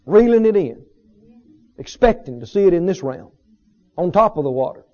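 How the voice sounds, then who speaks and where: A man's voice: high-pitched, big pitch swings, normal speed, a little mellow, dull audio. A man preaching a sermon to his congregation, teaching earnestly with repeated phrases and rhetorical questions. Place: church service with a congregation.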